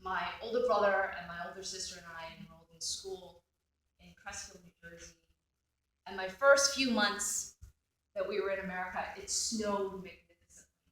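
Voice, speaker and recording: Earnest nominee in her forties, formal statement, mid-pitched, recorded distant and roomy. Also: moderate pace, a bit bright. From South Korea. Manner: earnest, laughs at own stories. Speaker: judicial nominee. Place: hearing room. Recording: echoey room, picked up from afar.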